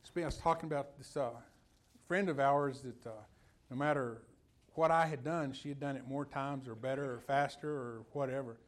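A man's voice: mid-range voice, steady tone, moderate pace. A man preaching a sermon in a folksy, conversational way, telling personal stories and putting questions to his listeners.

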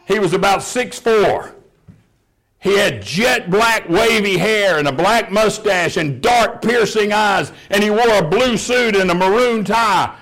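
Folksy high-voiced male preacher. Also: a bit bright. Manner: folksy storytelling, laughs at his own anecdotes. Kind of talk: sermon with humorous stories.

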